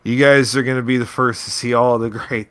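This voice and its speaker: A man's voice: mid-range voice, fairly even intonation, brisk, a bit bright, no room sound, lightly acted. A man voicing a tipsy young noblewoman who slurs her words. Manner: slurring. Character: tipsy young noble woman, giggly and brash.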